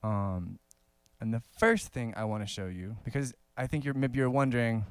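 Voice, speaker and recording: A man teaches in a loose, conversational way, filling pauses with "um" and light laughs. His voice is smooth and clear, sitting at an ordinary pitch. The sound is close and dry, with no room around it. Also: dry recording. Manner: relaxed, conversational, many fillers and little laughs. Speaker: saxophone teacher. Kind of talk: casual video lesson.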